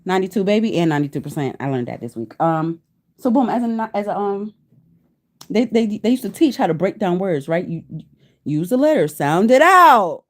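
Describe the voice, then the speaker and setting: A woman in her thirties hosting a casual livestream chat, reading search results aloud to viewers, laughing often and sounding out hard words slowly. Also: fairly low pitch, animated, dark tone. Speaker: livestream host.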